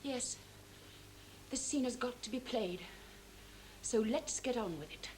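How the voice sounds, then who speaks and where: A woman's voice: on the high side, unhurried, darkish tone, a little hiss or hum, natural voice. An actress as a bitter, mocking young woman. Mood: defiant. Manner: sarcastic and defiant. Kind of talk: 1970s televised stage drama.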